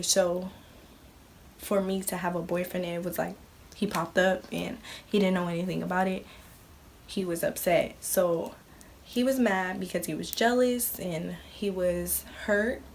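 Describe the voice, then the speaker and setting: Young woman vlogger, lowish voice, chatty storyteller who acts out quotes, faint background hum. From Belize. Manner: chatty, acts out quoted dialogue, many fillers. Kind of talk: casual storytime chat.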